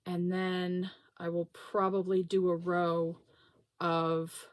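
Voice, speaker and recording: A woman's voice: fairly low pitch, flat delivery, slow pace. A middle-aged woman hosting a knitting podcast, chatting casually and laughing at herself as she shows her projects. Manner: chatty, self-deprecating, laughs often. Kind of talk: casual show-and-tell chat.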